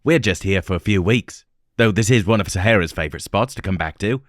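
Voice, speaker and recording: A man plays an easygoing young New Zealand traveler, relaxed and quirky in manner, lifted a little above his own low register. The sound is dry and close-miked. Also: brisk, dry recording, close to an everyday voice.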